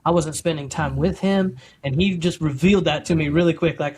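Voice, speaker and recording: A man's voice: fairly high pitch, a little fast, slight background noise. A middle-aged man on a podcast telling his testimony in a casual, rambling way, acting out his own quotes. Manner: animated storyteller, acts out quotes; rambling with many restarts. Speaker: podcast guest.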